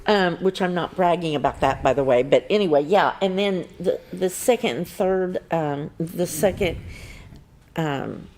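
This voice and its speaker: A middle-aged woman co-hosting a local morning show, telling a story with lively quoted voices. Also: measured pace. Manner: animated storyteller, jumps up in pitch acting out quotes. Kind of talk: casual chat, telling a funny story.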